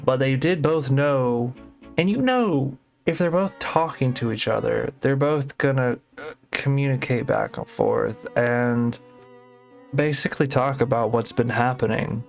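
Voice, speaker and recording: A man narrating commentary in a halting, rambling way with many fillers and restarts. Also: mid-range voice, fairly even intonation, gravelly, soft background music.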